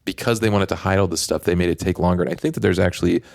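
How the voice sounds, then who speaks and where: Man, low gravelly voice, dry close sound, casual podcast chat, rambling with fillers. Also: rapid-fire, no room sound. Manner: rambling, heavy use of fillers. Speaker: podcast co-host. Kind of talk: casual comics discussion.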